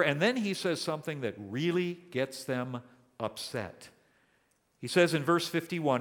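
A man's voice: on the high side, expressive, a little slow, a bit bright, long reverb tail. A man preaching a sermon, asking his congregation probing questions. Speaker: pastor.

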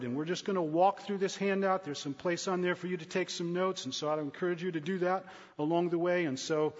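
A man's voice: high voice, a bit bright. A man preaching a sermon to young people, earnest and building emphasis through repeated phrases. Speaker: guest preacher. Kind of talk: sermon to a youth gathering. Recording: reverberant hall, dull lo-fi sound.

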